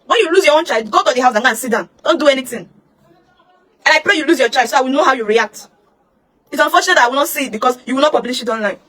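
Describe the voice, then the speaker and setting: A woman's voice: high voice, expressive, fast, fairly bright tone. A young Nigerian woman with a Nigerian accent, ranting heatedly online, scolding with rhetorical questions. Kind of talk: emotional social media rant.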